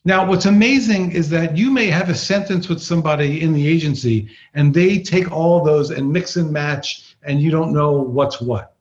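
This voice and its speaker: A man co-hosting a podcast, speaking in a measured, emphatic way. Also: on the high side, highs cut off. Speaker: podcast co-host. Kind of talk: podcast conversation.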